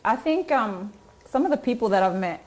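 A woman talks as a guest in a relaxed chat. She speaks earnestly and reflectively, often pausing to restart her sentences. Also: a little high, heavy background noise. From Australia. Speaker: guest, community organizer. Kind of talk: casual chat.

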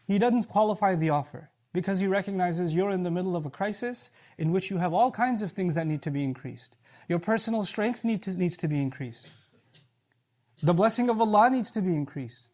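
A man preaching in a high, lively voice, acting out little scenes and jokes for his listeners. He slips Arabic verses into his explanation. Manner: animated, acts out voices and jokes. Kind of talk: Islamic lecture.

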